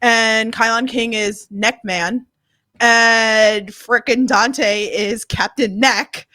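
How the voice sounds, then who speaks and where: A woman with a New York accent co-hosting a podcast, talking in an excited, hyped way, swearing often and laughing loudly. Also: fairly high pitch, drawn-out words, no room sound, clean studio sound. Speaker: podcast co-host. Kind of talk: excited casual chat.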